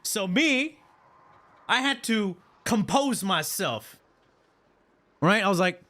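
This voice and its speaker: Bright-voiced man telling a story. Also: high-pitched, slow. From Canada. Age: 30s. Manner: animated, slangy, profane, repeats "right?". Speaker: streamer. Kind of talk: casual storytelling to chat.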